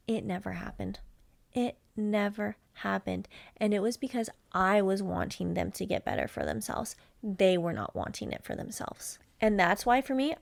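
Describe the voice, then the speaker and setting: A woman's voice: mid-range voice, no room sound. A young adult woman hosting her own podcast, talking straight to listeners in a blunt, emphatic pep-talk monologue. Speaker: podcast host. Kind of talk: candid solo podcast monologue.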